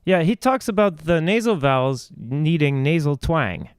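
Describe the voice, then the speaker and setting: A man's voice: fairly high pitch, animated, normal speed, smooth, dry recording, studio quality. A man hosting a casual video chat about singing, rambling and restarting his thoughts. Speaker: host.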